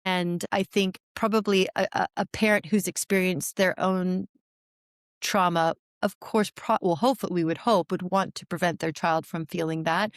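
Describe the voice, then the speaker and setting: A woman in her forties, a therapist talking as a podcast guest, explaining with animated energy and frequent restarts. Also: lowish voice, normal speed, no echo, clean studio sound. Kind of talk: podcast interview conversation.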